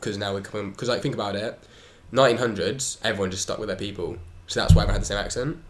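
Fast-talking young English man, roomy echo. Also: fairly low pitch, fairly even intonation. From England. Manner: chatty, slangy, laughs often. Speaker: podcast host. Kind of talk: casual chat. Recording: echoey room with faint ambient noise.

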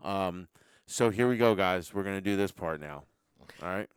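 A man with a very deep, smooth voice closes out a casual podcast, relaxed and swearing lightly. The recording is dry and close to the mic. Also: normal speed, no echo. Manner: laid-back, profane, wraps up the show. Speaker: podcast co-host. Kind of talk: casual chat.

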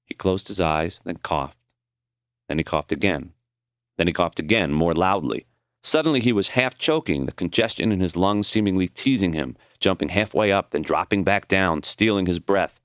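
A man narrating his own audiobook in an expressive, reflective reading. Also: low voice, moderate pace, dry recording, clean studio sound.

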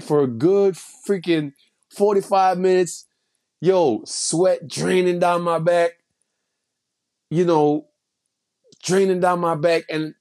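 A man's voice: fairly high pitch, darkish tone. A man telling a personal story in casual street slang, rambling, with many restarts and repeated phrases. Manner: heavy street slang and swearing.

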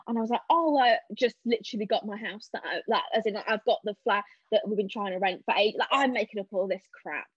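A young woman chatting casually as a podcast guest, telling animated stories and acting out what people said. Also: on the high side, brisk, husky, no room sound. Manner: animated storyteller, acting out quotes. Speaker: podcast guest, stage actress. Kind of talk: casual chat. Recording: dull lo-fi sound.

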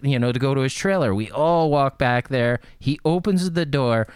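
A man's voice: mid-range voice, normal speed, clear, resonant tone, no room sound, studio quality. A man telling stories in casual conversation, laughing and doing voices of the people in them. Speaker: guest, interviewer and music manager. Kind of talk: casual storytelling.

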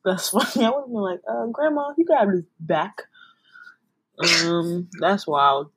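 A woman's voice: on the low side, very animated, a little slow, breathy edge, no echo. A young woman, a podcast co-host chatting casually and telling stories, with many giggles and a lot of "like.". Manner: giggly, storytelling with lots of "like". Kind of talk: casual chat.

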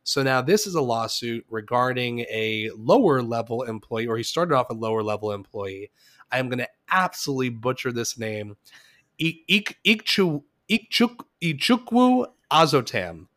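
A man co-hosts a casual podcast, walking through a news story at an easygoing pace. He hesitates often and pokes fun at himself, and his voice sits at an ordinary middle pitch. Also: normal speed, a bit bright. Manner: self-deprecating, hesitant, many fillers. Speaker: podcast co-host. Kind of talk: casual chat.

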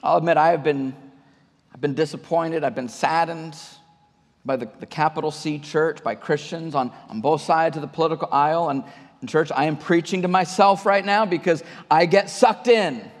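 Guy preaching to his church, higher voice, stumbles and repeats words, big echoey hall. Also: normal speed. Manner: conversational, restarts and repeats words while preaching. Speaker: pastor. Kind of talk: sermon. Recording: long hall reverb.

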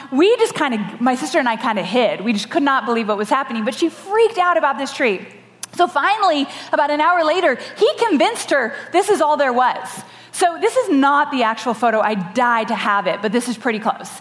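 A woman giving a lively storytelling keynote on stage, animated and laughing often, with dramatic voices for the people in her story. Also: sits high. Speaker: podcast host giving a conference talk. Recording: live talk with long hall reverb.

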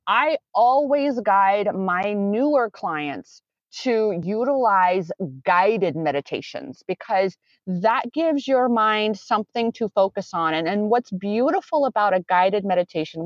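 A coach who works with clients speaks in a medium-pitched voice with no echo, though the lo-fi recording sounds dull. In a conversational interview she meanders earnestly, often correcting herself mid-sentence.

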